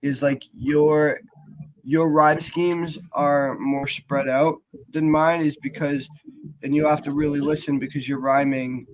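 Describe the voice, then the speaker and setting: A man chatting casually as a podcast co-host, talking haltingly with lots of fillers and restarts. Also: fairly high pitch. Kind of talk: casual chat about writing rap lyrics.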